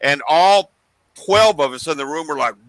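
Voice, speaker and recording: A man guesting on a podcast, telling animated stories in casual chat and acting out the voices he quotes. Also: fairly high pitch, normal speed, no echo, low-quality recording. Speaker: guest paranormal investigator.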